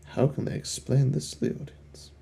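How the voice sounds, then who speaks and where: A young man hosting a let's play comments casually at a moderate pace in a warm voice. He rambles, jokes at himself and at the screen, with faint game music behind him.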